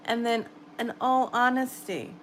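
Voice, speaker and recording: Speaking unhurriedly in a fairly high, steady, fairly bright voice, a middle-aged livestream host with a New York accent reads comments and encourages her viewers in casual chat. It's night in a quiet room at her home in the New York area, and the poor audio carries a little hiss or hum.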